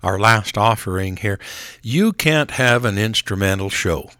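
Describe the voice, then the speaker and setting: A man's voice: lowish voice, animated, measured pace, bright, forceful tone, no echo, clean studio sound. A man hosting a country radio show, folksy and chuckling as he chats. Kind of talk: casual radio chat.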